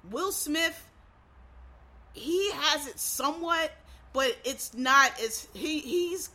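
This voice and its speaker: A woman's voice: sits high, slow, pushed and bright. A woman from Philadelphia with a faint Philadelphia accent, chatting casually and rambling with frequent fillers and restarts. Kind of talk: casual chat.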